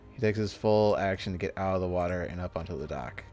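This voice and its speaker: A man's voice: sits low, fast, a little mellow, soft background music. A man acting as game master, narrating a tabletop combat casually and checking rules as he goes.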